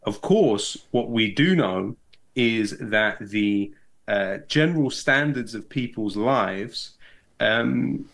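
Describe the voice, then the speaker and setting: A man in the guest seat lays out political analysis in a measured, articulate way, his ums and uhs scattered through it. His voice sits fairly low. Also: gravelly, a bit bright. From Britain. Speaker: guest, hip-hop artist and podcast host.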